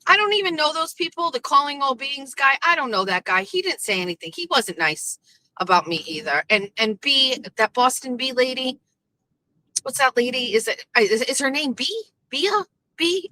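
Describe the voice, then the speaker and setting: A punchy woman talks straight to a phone mounted on her car dashboard, her voice bright and forceful. She is fairly high-pitched and the sound is close and dry. She tells a story in a casual, profane, animated way. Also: dry recording, rough recording. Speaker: vlogger and show host. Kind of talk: casual chat while driving. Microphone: phone in a dashboard holder.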